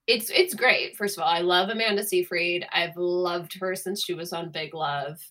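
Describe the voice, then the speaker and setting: A woman's voice: lowish voice, moderate pace, bright, forceful tone. A woman co-hosting a podcast, telling rambling, chatty stories in casual conversation. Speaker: podcast co-host. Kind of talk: casual chat.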